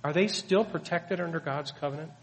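A man's voice: fairly high pitch, a little fast, gravelly. A man preaching a sermon, teaching earnestly and emphatically with many rhetorical questions. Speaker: pastor. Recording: long hall reverb.

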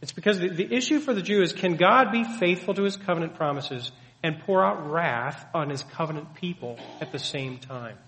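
Man, preacher, earnest, emphatic, fairly high voice, long echo of a hall. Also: normal speed, a bit bright. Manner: earnest, emphatic teaching with rhetorical questions. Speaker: pastor. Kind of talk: sermon.

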